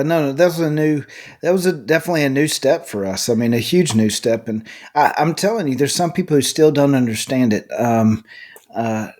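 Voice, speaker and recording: A man's voice: medium pitch, darkish tone. Pastor guy on a podcast, earnest, keeps repeating the start of his sentences. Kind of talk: casual faith conversation.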